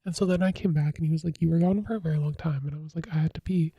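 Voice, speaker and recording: A young woman hosting a podcast, telling a casual confessional story in a chatty, filler-heavy way with sudden dramatic jumps in pitch. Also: fairly even intonation, very fast, dark tone, husky, dry recording, highs cut off. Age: young adult. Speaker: podcast host.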